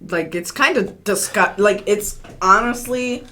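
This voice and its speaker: A woman's voice: mid-range voice, a little slow, sharp tone, a little hiss or hum. A young woman co-hosting a casual podcast, laid-back and often chiming in with short agreements. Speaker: podcast co-host.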